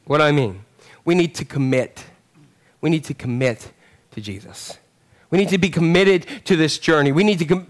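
Animated high-pitched male preacher. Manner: animated, swings from loud to hushed; calls out to the congregation. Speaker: pastor. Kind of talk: sermon.

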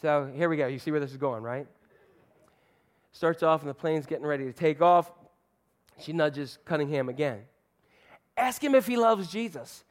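A man's voice: a little high, fairly even intonation, moderate pace, long pauses. A man preaching a sermon, telling a story in a loose, chatty way with fillers and restarts. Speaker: pastor.

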